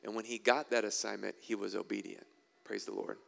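Guy preaching in a big echoey hall, kinda gravelly, chatty with little wry asides between bible readings. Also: lowish voice, level tone, a little fast, fairly bright tone. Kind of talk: sermon with scripture reading.

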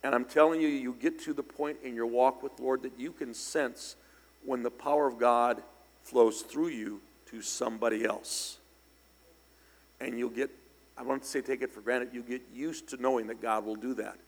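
An older man preaching a storytelling sermon, speaking conversationally with sudden loud, emphatic bursts. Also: medium pitch, fairly even intonation, moderate pace. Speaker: pastor. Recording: long church hall reverb.

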